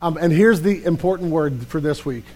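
High-pitched guy preaching, lots of emphasis, repeats words, church sermon. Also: normal speed, darkish tone. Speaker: pastor. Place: church sanctuary.

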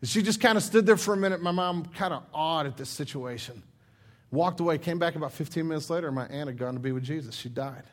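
A middle-aged man preaching a sermon as pastor, talking in an earnest, conversational way and acting out the scripture in his own words. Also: fairly high pitch.

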